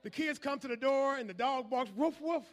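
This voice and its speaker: High-pitched male preacher, call-and-response sermon, swings from low murmurs to shouting. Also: brisk.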